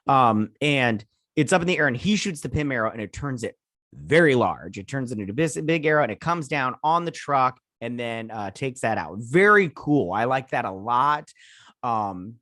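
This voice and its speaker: A man talks through a show episode in a loose, rambling way, full of fillers and restarts. His voice sits in a middle pitch for a man. The sound is dry and close, with no room echo. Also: fairly bright tone. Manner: rambling, many fillers, retells scenes in quoted voices. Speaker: host. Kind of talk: casual episode recap.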